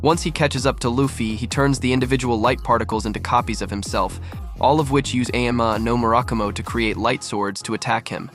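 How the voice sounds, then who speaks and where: A man's voice: medium pitch, a little fast, fairly bright tone, soft background music. A man narrating an episode summary in a plain, matter-of-fact way. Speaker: anime recap narrator.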